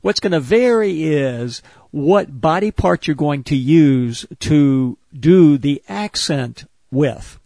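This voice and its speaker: A man calmly explaining a movement exercise step by step, repeating each point with care. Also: fairly high pitch, slow, no room sound. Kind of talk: step-by-step instruction.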